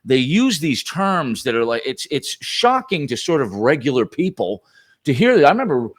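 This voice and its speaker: A man's voice: mid-range voice, sing-song, moderate pace. A man who is a guest on a talk show, speaking emphatically and with profanity in casual political conversation. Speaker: guest filmmaker.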